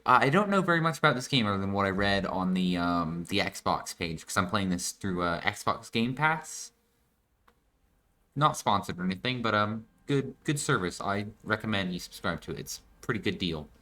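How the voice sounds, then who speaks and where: A man's voice: sits low, lively intonation, normal speed, bright, forceful tone. A man giving loose, rambling commentary while playing a video game, swearing now and then. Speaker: let's player. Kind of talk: casual gameplay commentary.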